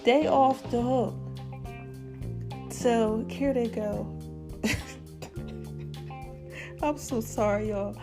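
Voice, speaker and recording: A woman's voice: a little high, slow, long pauses, music in the background. A woman hosting her own podcast in casual solo chat, laughing often and calling her listeners baby and y'all. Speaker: podcast host.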